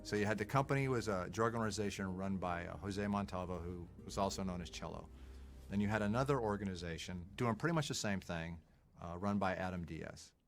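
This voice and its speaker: A man calmly explaining background in a documentary interview. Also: deep voice, a little fast, soft background music.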